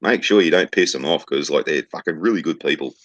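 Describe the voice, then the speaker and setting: Man, Australian accent, very deep voice, profane casual joke-telling, laid-back. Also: fast.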